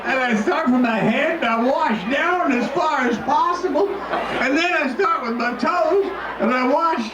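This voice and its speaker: A man's voice: extremely high pitch, measured pace, distant mic, noisy background. A man voicing a big, brash, crude older woman in a stand-up joke, on a live comedy recording. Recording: echoey live recording from afar, loud crowd.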